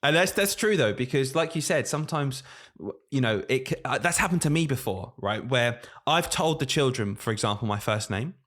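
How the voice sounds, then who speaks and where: A man's voice: medium pitch, fairly quick. A man in his late twenties, a teacher co-hosting a podcast, chatting casually and acting out classroom stories with quoted voices. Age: 20s. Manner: animated storytelling, acts out quotes. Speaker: podcast co-host, primary teacher. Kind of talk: casual chat.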